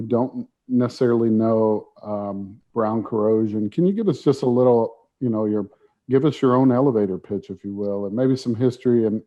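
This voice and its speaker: A man co-hosting a podcast, introducing a guest in a chatty, halting way with fillers. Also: mid-range voice. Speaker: podcast co-host. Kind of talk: casual chat, introducing a guest. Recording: dull lo-fi audio.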